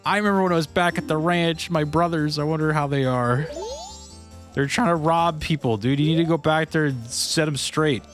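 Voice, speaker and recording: A man's voice: fairly high pitch, normal speed, soft background music. A man streaming a video game live and chatting casually, in a laid-back, slangy way, calling out "dude" all the time. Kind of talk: live gameplay commentary.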